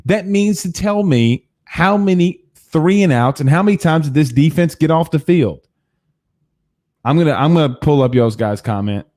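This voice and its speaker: Furious swearing sports show host. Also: male voice, a little high, expressive, normal speed, a little mellow. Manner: cursing, heated and exasperated. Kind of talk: angry postgame rant.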